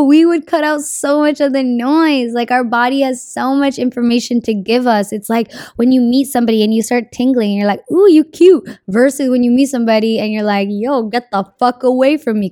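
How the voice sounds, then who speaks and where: A young woman giving a casual motivational talk about her own story, energetic and slangy, swearing freely and acting out what people say. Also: a little high, no room sound, clean studio sound. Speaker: speaker sharing a personal story.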